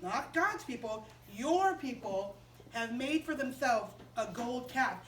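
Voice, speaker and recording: A woman's voice: on the high side, animated, slow, recorded from a distance, a little hiss or hum. A woman voicing God as stern and displeased in a children's Bible story. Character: stern, angry God, male voice. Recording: roomy chapel, voice off-mic.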